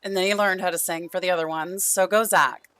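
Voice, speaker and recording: Chatty woman streamer, bright and dry. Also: on the low side, steady tone, brisk, clean tone, no room sound. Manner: chatty, affectionate, talks to game characters and chat. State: losing her voice. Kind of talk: casual gameplay stream chat.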